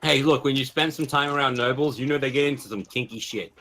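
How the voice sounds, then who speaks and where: A man's voice: medium pitch, fast, sharp tone. A man playing in a tabletop role-playing game, joking around and chatting casually. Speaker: player.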